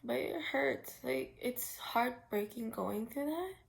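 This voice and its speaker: A woman in her twenties from the Philippines, talking through her feelings in a halting, emotional way with lots of fillers. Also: fairly high pitch, expressive, creaky. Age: 20s. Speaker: vlogger. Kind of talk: casual personal chat. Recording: roomy echo.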